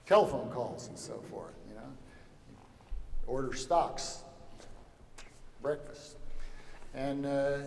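Speaking slowly with vocal fry and long pauses, this man from Louisiana gives an anecdotal lecture at a summer seminar. His mid-range voice has a darkish tone, and his wry, joking delivery is full of "you know" asides. It's recorded in an echoey lecture hall with faint background noise.

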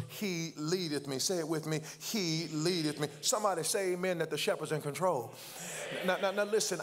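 A man preaching a sermon, calling for responses from the congregation and rising to shouts. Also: high voice. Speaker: pastor. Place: church.

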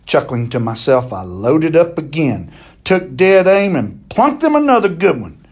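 A man's voice: a little high, wildly swooping pitch, measured pace, a little mellow. A man reading a novel chapter aloud, telling it expressively and now and then stumbling and repeating a word.

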